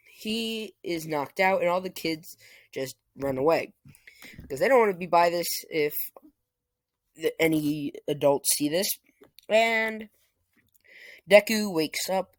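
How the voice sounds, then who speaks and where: A man's voice: fairly high pitch, no room sound. A man casually narrating a fan-made story as a channel host, in a loose, stop-start way. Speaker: YouTube storyteller.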